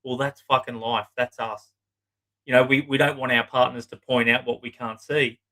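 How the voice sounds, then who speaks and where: A middle-aged man with a bright, forceful voice shares client stories in a loose interview. His talk is blunt and full of profanity. He often slips into acting out what other people said. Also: mid-range voice, fairly even intonation, moderate pace, low-quality recording. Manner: blunt, swears freely, acts out clients' lines. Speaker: psychotherapist guest. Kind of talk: casual storytelling interview.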